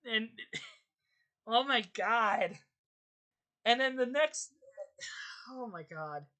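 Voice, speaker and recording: A young woman hosting her channel, ranting in casual commentary, exasperated and swearing, her voice jumping high in outbursts. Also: lively intonation, very slow, bright, forceful tone. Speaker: channel host.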